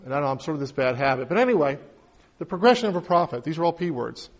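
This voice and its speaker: High-voiced man preaching conversationally. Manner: conversational preaching, acts out little dialogues. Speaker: pastor. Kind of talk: sermon.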